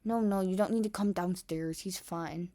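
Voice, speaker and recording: A woman's voice: fairly low pitch, normal speed, warm tone, no room sound, close to an everyday voice. A woman voicing a flustered young man.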